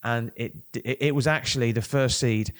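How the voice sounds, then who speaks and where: A man co-hosting a political podcast, talking in a casual, animated and indignant way, often repeating words. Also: medium pitch, normal speed. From Northern England. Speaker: podcast co-host.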